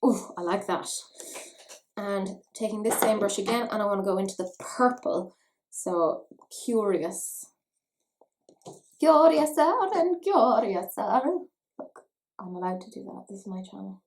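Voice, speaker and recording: A woman's voice: medium pitch, flat delivery, brisk, darkish tone, rough recording. A woman, chatting playfully and mocking herself while doing her makeup at home for a beauty vlog. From Ireland. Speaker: beauty vlogger. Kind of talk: casual makeup tutorial chat.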